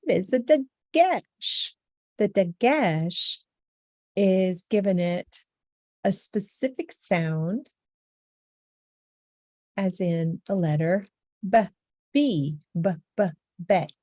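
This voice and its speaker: A woman's voice: mid-range voice, expressive, drawn-out words, pauses often, a little mellow, dry recording, studio quality. A woman teaching a beginner language lesson, patiently saying each letter sound several times over.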